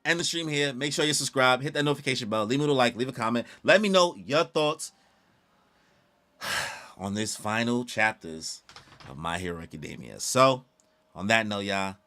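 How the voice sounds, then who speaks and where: A young man streaming a live comic reaction, excitable and slangy, full of exclamations. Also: mid-range voice, moderate pace.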